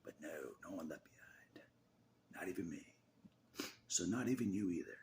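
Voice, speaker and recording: A man's voice: sits low, lively intonation, normal speed, darkish tone, a little hiss or hum. A man talking to his viewers in a rambling personal monologue, laughing often and slipping into whispers.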